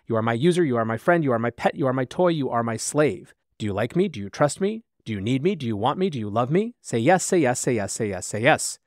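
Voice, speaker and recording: A man's voice: medium pitch, expressive, fast, hardly any pauses, a little mellow, no echo, clean studio sound, close to an everyday voice. A man voicing an unhinged AI chatbot that swings from groveling to menacing, in a melodramatic, repetitive delivery. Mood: cold menace.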